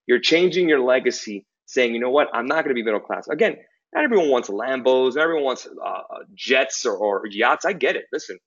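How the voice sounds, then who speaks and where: Male webinar host, mid pitch, motivational and repetitive, lo-fi sound. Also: fairly bright tone, husky. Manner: emphatic, repeats phrases for emphasis. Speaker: webinar host answering finance questions. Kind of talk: motivational talk.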